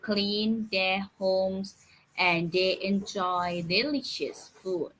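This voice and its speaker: Slow, careful woman English learner. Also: mid-range voice, a bit bright, poor audio. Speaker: adult English student. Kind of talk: reading aloud and repeating.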